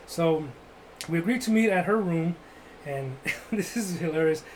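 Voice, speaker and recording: A man's voice: a little high, expressive, normal speed, a little hiss or hum, rough recording. A man telling a rambling, crude, joking story in casual chat, full of "like" and restarts.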